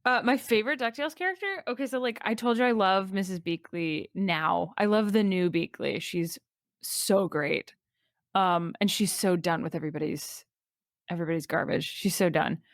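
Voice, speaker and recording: A woman's voice: medium pitch, moderate pace, dry recording, clean studio sound. A woman guest on a podcast, talking enthusiastically in casual chat, rambling with many fillers.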